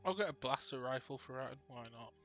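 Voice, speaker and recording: A man streaming a video game, musing to himself in relaxed, casual commentary. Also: medium pitch, fast, muffled recording. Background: game music.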